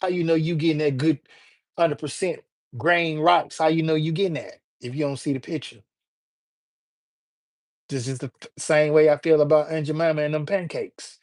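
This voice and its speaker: Laid-back man, higher voice. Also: fairly even intonation, moderate pace. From Alabama, USA. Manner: laid-back and slangy, greeting viewers by name. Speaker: livestream host. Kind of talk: casual livestream chat.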